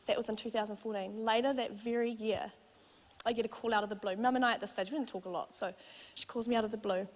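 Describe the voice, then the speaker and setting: A young woman preaches from a church stage. Her voice sits a little high, and she tells her testimony in a heartfelt, conversational way. The sound carries a long reverb from the church hall. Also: quick pace. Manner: heartfelt, conversational storytelling with lively re-enacted exchanges. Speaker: church speaker. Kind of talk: sermon with personal testimony. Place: church auditorium.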